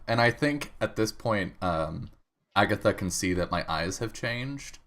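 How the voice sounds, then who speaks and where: Player, low soft voice, slight hiss behind. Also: female voice, lively intonation, a little slow. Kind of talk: playing a tabletop game.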